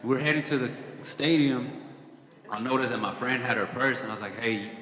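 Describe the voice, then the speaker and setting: Performing stand-up at a comedy club for a live audience, a young man tells profane stories in a casual way, slipping in dry asides. His mid-range voice is a bit bright, with fairly even intonation and a brisk pace, and the room sounds echoey with audience laughter.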